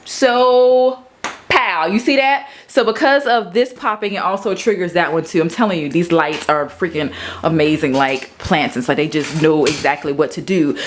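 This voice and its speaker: Talking at a normal speed over slight background noise, a woman in her thirties shows off her home office studio in a chatty, playful vlog. She addresses the camera and occasionally slips into high-pitched baby-talk with her cat.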